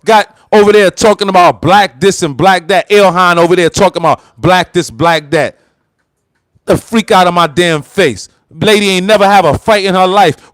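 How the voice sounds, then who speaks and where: A man's voice: sits high, moderate pace, dry recording. An American man hosting a heated political commentary livestream, fired up and repeating himself as he talks straight to viewers. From United States. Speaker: livestream host.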